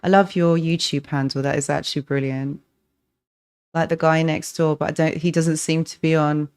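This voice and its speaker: A woman from North London, her London accent smoothed toward a posher tone, speaks on a live stream. Her voice sits a little low as she reads out viewers' messages and answers them gently. She talks directly to people in the chat and often breaks off and restarts her sentences. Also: level tone, moderate pace. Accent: London, softened. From North London, England. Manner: warm encouraging, talks to chat by name, many restarts. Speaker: relationship coach, livestream host.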